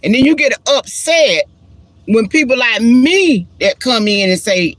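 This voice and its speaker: A woman's voice: on the high side, expressive, measured pace. A woman hosting a casual live stream from inside her car, chatting in a folksy way to viewers on a handheld phone. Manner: chatty and folksy, calls viewers girl and honey. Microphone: handheld phone camera.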